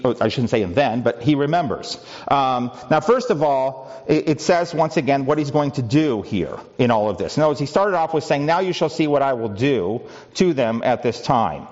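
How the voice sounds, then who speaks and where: A man's voice: mid-range voice, a little mellow, lo-fi sound. A pastor preaching a conversational sermon, asking the congregation rhetorical questions and often restarting his sentences. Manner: frequent restarts and filler words.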